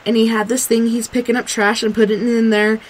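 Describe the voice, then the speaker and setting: A woman's voice: on the high side, little pitch movement, quick pace, poor audio. A woman hosting a talk radio show, chatting casually and retelling news stories at length.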